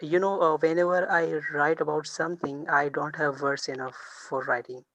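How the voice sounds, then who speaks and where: A man's voice: on the high side, fairly even intonation, moderate pace, fairly bright tone, muffled recording, slight background noise. A man student politely asking his teacher for help on a video call, hesitant and using many fillers.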